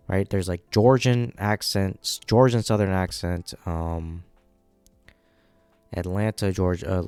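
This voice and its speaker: Low raspy dude rambling through manga commentary, dry close sound. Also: male voice, darkish tone, no room sound. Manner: rambling, keeps checking in with "right?". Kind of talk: casual live reading and commentary.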